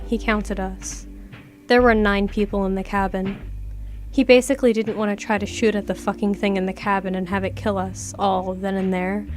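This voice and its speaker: A woman's voice: mid-range voice, darkish tone. A woman narrating a first-person horror story aloud in a casual, conversational way, with plenty of swearing. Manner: casual, profane, conversational reading. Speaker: creepypasta narrator.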